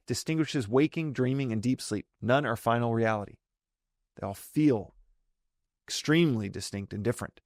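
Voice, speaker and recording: A man's voice: medium pitch, gravelly, darkish tone, dry recording, studio quality. A man hosting a solo podcast, explaining ideas in a thoughtful way and often correcting himself mid-sentence. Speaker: podcast host. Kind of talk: solo reflective podcast talk.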